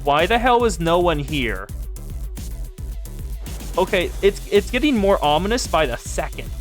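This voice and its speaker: A man's voice: high voice, sing-song, measured pace. A young man streaming a game, giving playful, jokey commentary and reading dialogue aloud. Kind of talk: casual let's-play commentary with read-aloud dialogue. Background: game music.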